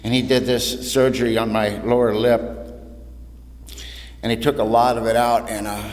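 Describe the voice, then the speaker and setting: A man's voice: medium pitch, little pitch movement, normal speed, darkish tone. An older man speaking at a recovery meeting, his voice sitting in an ordinary middle register. He talks bluntly and plainly, in a casual, street-worn way. A long hall reverb trails after every phrase. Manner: blunt, plain-spoken, peppered with "man" and "you know". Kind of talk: humorous personal testimony.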